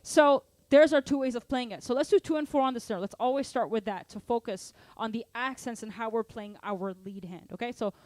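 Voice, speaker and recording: A woman teaching a drum lesson, energetic, counting beats aloud and asking her students to stay engaged. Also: a little high, fairly quick, few pauses. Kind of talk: live online drum lesson. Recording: drum kit playing behind. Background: drum kit.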